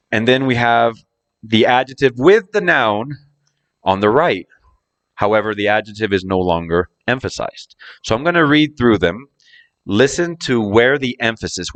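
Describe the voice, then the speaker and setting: A man teaching English pronunciation, explaining with drawn-out words and exaggerated stress on key words. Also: lowish voice, a bit bright. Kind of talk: slow, deliberate lesson explanation.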